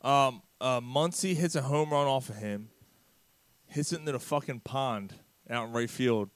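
A man's voice: mid-range voice, moderate pace, no room sound. A man hosting a casual sports chat, blunt and profane, steering the show from topic to topic. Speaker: podcast host.

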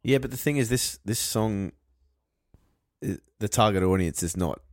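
A man co-hosting a podcast, dropping deadpan quips in casual banter. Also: on the low side, moderate pace, no room sound, studio quality. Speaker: podcast co-host.

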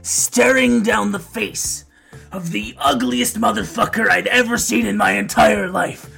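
A woman tells a tall tale in a slow drawl with a heavy gravelly fry and a husky edge. She plays it big, in tabletop storytelling fashion. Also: mid-range voice, a bit bright, soft background music. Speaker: player.

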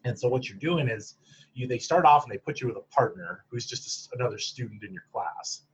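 Speaking a little fast with an expressive, breathy, medium-pitched voice, a male psychologist from Michigan's Upper Peninsula shares stories as an interview guest. He's talkative and casual, leans on fillers, and laughs at his own tales. The sound quality is dull and lo-fi.

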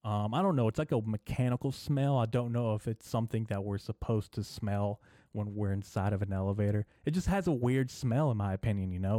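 Young male podcast host, low dark voice, profane rambling deadpan comic. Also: dry recording, clean studio sound. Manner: rambling, profane, deadpan delivery with filler words. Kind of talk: casual rambling comedy monologue.

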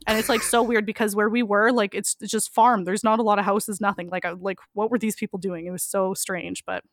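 A woman's voice: medium pitch, level tone, fairly quick, no room sound, clean studio sound. A young woman telling a frank story as a podcast guest, laughing often and saying "like" a lot. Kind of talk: casual storytelling.

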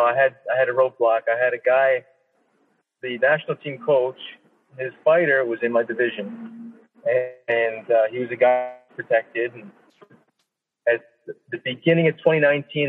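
A man from Canada, a professional boxer, telling his story in a casual interview, swearing often and acting out his own thoughts. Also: medium pitch. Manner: profane, animated storytelling with quoted inner speech. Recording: tinny phone-line audio with long reverb.

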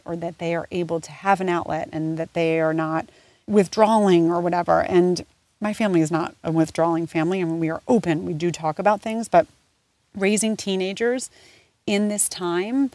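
Candid mother podcasting, low and dry. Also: a little mellow, dry recording. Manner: candid and emotional, swears freely, rambling with restarts. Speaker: podcast host. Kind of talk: casual personal podcast monologue.

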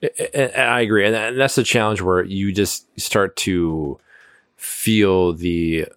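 A man co-hosting a casual movie review podcast, agreeable and quick to chime in with yeses. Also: low voice, a bit bright, clean tone, no room sound, clean studio sound. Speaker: podcast co-host.

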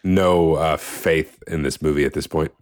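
Low voiced dude on a movie podcast, calm and wry, weighs in on the plot. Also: male voice, measured pace. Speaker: podcast co-host. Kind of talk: casual movie discussion.

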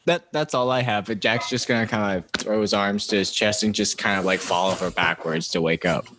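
A man's voice: on the low side, a little fast, noisy background. A man playing a tabletop game, talking casually and animatedly, swearing now and then. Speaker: player.

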